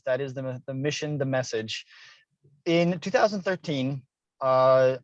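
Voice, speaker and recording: In Hilo, Hawaii, a middle-aged guest author tells a personal story during an interview with earnest feeling, acting out bits of dialogue. His mid-range voice sounds dry with no echo, and the high frequencies are cut off.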